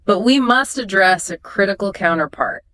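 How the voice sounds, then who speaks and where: A woman co-hosting a scripted English exam lesson, explaining words and pronunciation in a clear, instructive way. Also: medium pitch, animated, moderate pace, fairly bright tone, dry recording. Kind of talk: scripted two-host lesson dialogue.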